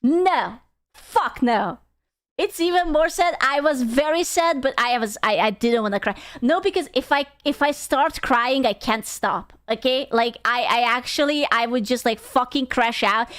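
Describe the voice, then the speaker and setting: A woman's voice: a little high, fairly bright tone. A young woman live-streaming, chatting casually in a rambling way, swearing freely and laughing often. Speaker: VTuber streamer.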